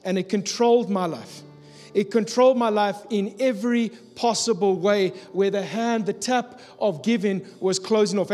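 A man preaching a sermon, telling a personal story in an earnest, confessional way, from South Africa. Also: sits high. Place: church hall. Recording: long hall reverb with soft music.

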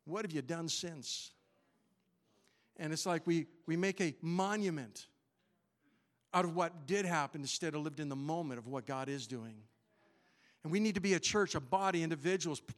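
A man preaching a sermon to his church, animated and conversational, acting out Bible characters in quick voices. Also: a little high. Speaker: pastor.

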